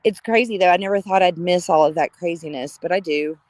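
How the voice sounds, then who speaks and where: A middle-aged woman, chatting casually on a live stream, greeting viewers by name with gushing warmth and frequent laughter. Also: lowish voice, a little fast, dry recording.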